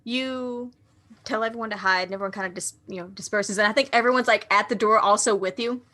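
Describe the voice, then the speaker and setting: Bright-voiced woman running a tabletop game. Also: medium pitch. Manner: descriptive, measured scene-setting. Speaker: game master.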